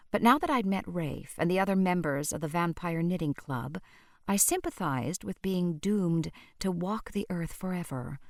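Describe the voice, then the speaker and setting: A woman narrating an audiobook in a measured storytelling manner. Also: fairly low pitch, dry recording, studio quality.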